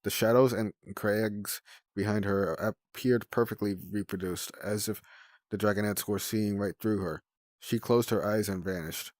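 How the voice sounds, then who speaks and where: A man's voice: lowish voice, steady tone, a little slow, darkish tone, no echo, studio quality. A man reading a novel aloud on a livestream, in a plain way with small slips and self-corrections.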